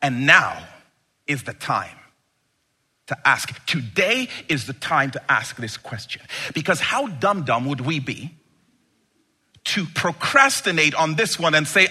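Male preacher, lively delivery, slow and deliberate, husky edge, emphatic sermon with rhetorical questions. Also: on the high side.

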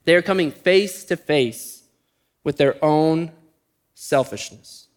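A middle-aged man, a pastor, preaching a sermon and telling a personal story, speeding up in bursts and slowing down for emphasis. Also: fairly high pitch. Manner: storytelling, shifting between quick bursts and slow emphatic phrases.

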